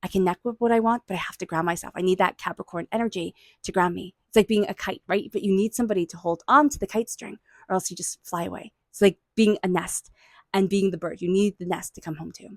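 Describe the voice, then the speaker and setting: A woman giving a tarot reading, murmuring invocations to angels and spirit guides and offering warm, excited encouragement. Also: medium pitch, fast talker, dry recording. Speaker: tarot reader. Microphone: own microphone.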